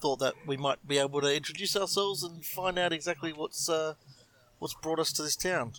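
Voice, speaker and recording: A man's voice: a little high, a little fast, a bit bright. A man playing an online tabletop game, polite and friendly in manner. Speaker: player. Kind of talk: casual tabletop game chat.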